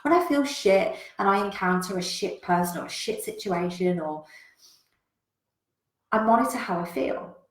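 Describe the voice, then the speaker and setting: A woman business coach, giving a frank, animated motivational talk to a live chat and swearing freely. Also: medium pitch, normal speed. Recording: roomy echo.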